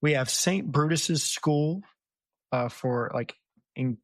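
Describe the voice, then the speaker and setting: A man's voice: on the high side, takes it slowly, no room sound, studio quality. A young adult man hosting a podcast, chatting casually about a book and acting out the quoted lines. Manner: animated storyteller, acts out quoted lines. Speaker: podcast host. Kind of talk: casual book-discussion chat. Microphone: close podcast mic.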